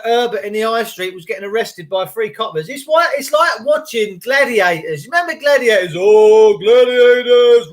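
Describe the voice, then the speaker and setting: High-voiced man rambling on a livestream. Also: fairly bright tone. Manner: rambling, swearing, greets viewers by name. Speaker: livestream host. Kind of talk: casual livestream chat.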